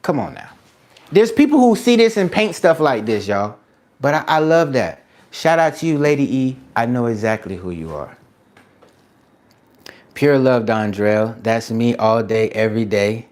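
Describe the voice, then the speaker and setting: A man streaming live as an artist, giving excited shout-outs to viewers in casual slang, then turning soft and reflective. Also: medium pitch, a little slow. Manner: drops to a soft, quiet reflective tone. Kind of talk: casual livestream chat.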